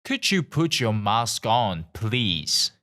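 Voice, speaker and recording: A man's voice: on the low side, sing-song, slow pace, sharp tone, heavily acted. A man voicing a male phlebotomist who makes firm, polite requests. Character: calm male clinic phlebotomist.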